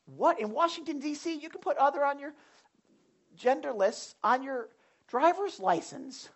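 A young man preaching a sermon as a pastor in a blunt, animated storytelling way, swinging from loud outbursts to quiet asides. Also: extremely high pitch, normal speed. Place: church sanctuary.

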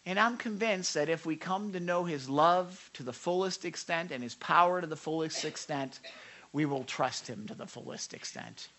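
A man's voice: fairly high pitch, moderate pace, bright, forceful tone, low-quality recording. A man preaching a sermon, conversational with asides, who acts out quoted voices with animation. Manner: conversational asides, self-corrections. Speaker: pastor.

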